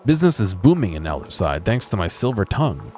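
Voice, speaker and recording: A man voicing a cheerful, smooth-talking male alderman of a small farming town in a video game, reading the lines in his own plain voice. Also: low-pitched, very animated, quick pace, a little mellow, soft background music.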